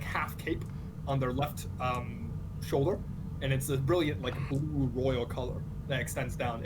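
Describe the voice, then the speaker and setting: A man narrating a tabletop game as game master, halting with fillers and laughing often. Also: mid-range voice, very noisy.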